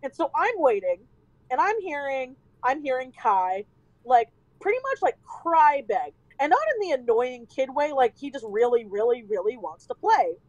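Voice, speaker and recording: Animated high-voiced woman streamer. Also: normal speed, no echo, highs cut off. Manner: animated, swears freely, acts out quotes. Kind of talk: casual storytelling chat.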